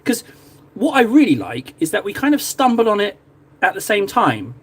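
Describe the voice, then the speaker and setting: A man's voice: high-pitched, wildly swooping pitch, normal speed, breathy edge. A chatty, jokey man from Cornwall, talking casually to viewers while painting on a live stream. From Cornwall, England.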